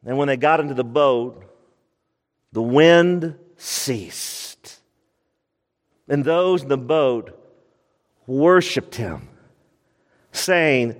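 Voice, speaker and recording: Preaching man in a reverberant hall. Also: medium pitch. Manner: expressive preaching, slows down for emphasis, voices scripture quotes. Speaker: pastor. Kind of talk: sermon.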